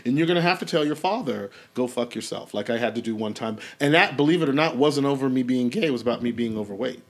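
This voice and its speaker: A man talking as a podcast guest, an animated storyteller who acts out the voices he quotes. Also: mid-range voice, quick pace. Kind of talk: casual interview.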